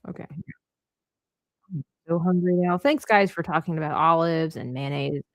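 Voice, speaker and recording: A woman's voice: deep voice, normal speed, pauses often, dry recording, clean studio sound. A woman hosting an art livestream, chatting casually while she draws, telling stories with lots of laughter. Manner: animated storyteller who laughs often.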